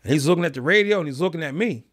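A man calmly and vividly telling a story in an interview, in a streetwise manner. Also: fairly high pitch, very fast. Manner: calm, streetwise, vivid retelling. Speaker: guest.

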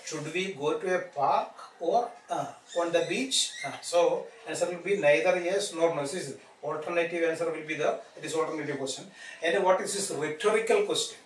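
A man's voice: on the high side, brisk. A man teaching a grammar lesson, explaining patiently and often adding "isn't it?". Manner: explanatory, repeats tag "isn't it?" and fillers. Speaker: English teacher. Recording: echoey room, distant mic, faint noise.

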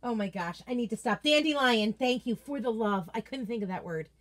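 Gushing high-voiced woman host. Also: animated, a little fast. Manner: gushing, chatty, reads viewer comments aloud. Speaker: craft product consultant and host. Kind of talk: casual live unboxing chat.

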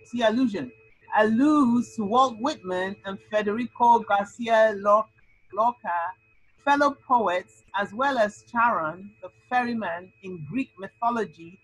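Woman tutor on a video call, husky, slightly high voice, animated teaching, dry sound. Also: no room sound, poor audio. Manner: lively, animated explaining with sound-word outbursts. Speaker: SAT tutor. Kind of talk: online tutoring lesson.

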